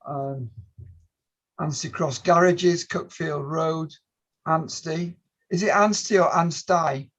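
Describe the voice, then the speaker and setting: A man chairing a formal planning hearing over a video call, politely summarising submissions in a measured way with some hesitations. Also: a little high, steady tone, fairly bright tone. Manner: polite, measured, reads points aloud with hesitations.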